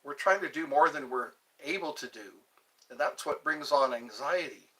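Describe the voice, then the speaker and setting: A man's voice: on the high side, moderate pace, background noise. A man from Georgia hosting his own live stream, chatting in a rambling way, jumping between topics and trying out foreign phrases. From Georgia, USA. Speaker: livestream host.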